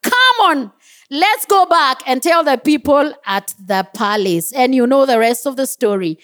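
A woman preaching a sermon in a church, animated, who laughs at her own slips and cries out with joy. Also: high voice, a little slow.

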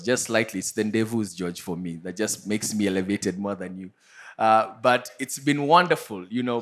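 A man, preaching a sermon and telling personal stories in an animated way. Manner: animated storytelling, jumps to high pitch for acted-out quotes. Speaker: pastor.

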